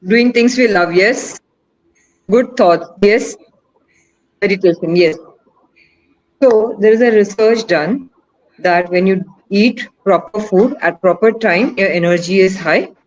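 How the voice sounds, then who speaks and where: A woman's voice: mid-range voice, slow pace, long pauses. Encouraging woman, lo-fi call. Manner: asks the audience questions, coaxing and encouraging. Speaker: webinar presenter. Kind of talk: interactive online teaching talk.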